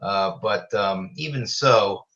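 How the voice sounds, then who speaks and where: A man's voice: on the low side, slow, fairly bright tone. A man hosting a casual live video chat from home, rambling and often breaking off to scold his pets. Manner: rambling, scolding his cats mid-talk. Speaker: host. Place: home room. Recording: roomy lo-fi webcam audio.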